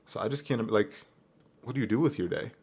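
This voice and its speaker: A young man co-hosting a podcast, talking in a relaxed, laid-back casual way. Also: fairly low pitch, a little fast, husky. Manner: relaxed, laid-back, says "bro" often. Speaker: podcast co-host. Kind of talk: casual chat.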